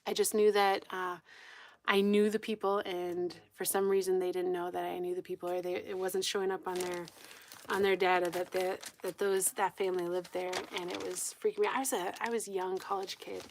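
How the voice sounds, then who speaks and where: A woman hosting a homestead live stream, telling a story in casual chat, animated, laughing often and acting out what people said. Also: on the low side, fairly quick, slight background noise. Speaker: homestead channel host. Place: at home.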